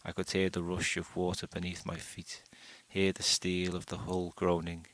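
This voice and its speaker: A man reading a first-person short story aloud in a steady, unhurried way. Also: low voice, no echo. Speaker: audiobook narrator.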